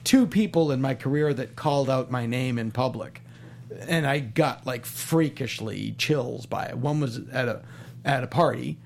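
Halting, gravelly fifty-something comedian. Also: male voice, medium pitch, slight background noise. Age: 50s. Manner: halting, full of restarts and fillers. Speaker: stand-up comedian, guest. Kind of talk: casual interview chat.

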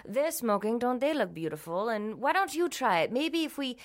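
A woman's voice: on the high side, big pitch swings, normal speed. A woman playing a frank, self-mocking old film star. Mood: candid. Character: aging female Hollywood star, candid, wry. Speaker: interview guest. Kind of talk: improvised mock interview.

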